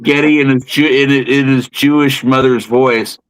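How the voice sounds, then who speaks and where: A man's voice: mid-range voice, fairly even intonation, moderate pace, no echo, poor audio. A man chatting casually on a video call, telling rambling, hesitant stories. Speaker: podcast participant. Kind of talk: casual chat.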